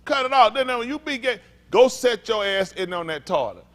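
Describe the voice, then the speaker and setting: A man's voice: very high voice, lively intonation, normal speed, fairly bright tone. A man preaching as a pastor in a blunt, profane, rambling informal sermon.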